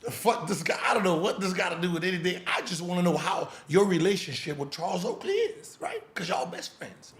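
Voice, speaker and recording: Sarcastic man mocking loudly, high lively voice. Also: brisk, hardly any pauses, echoey room. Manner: mocking, sarcastic, shouts and laughs. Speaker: podcast host. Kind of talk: reacting to clips.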